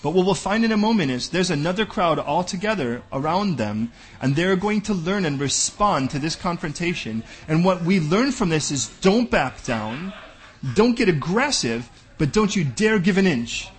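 A man's voice: sits high, expressive, moderate pace. A man preaching a sermon as pastor, bold and direct, often acting out back-and-forth dialogues.

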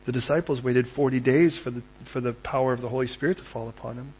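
A man preaching a sermon, swinging from loud, urgent exhortation to hushed, intense asides. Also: mid-range voice, fairly even intonation, fast, husky, highs cut off. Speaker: pastor.

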